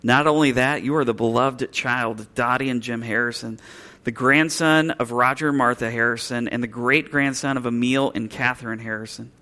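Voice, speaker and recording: A man's voice: medium pitch, fairly even intonation, normal speed, pushed and bright, close to an everyday voice. A man voicing a loving father who earnestly coaches his young son during a sermon story. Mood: earnest, proud. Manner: earnest, proud, insistent.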